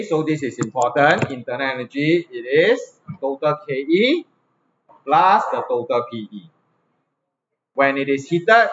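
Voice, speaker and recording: A man's voice: a little high, fairly bright tone, slight background noise. A male physics teacher with a Singaporean English accent, giving a classroom lesson and checking his students' understanding with frequent tag questions. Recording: slightly dull lo-fi recording, faint ambience.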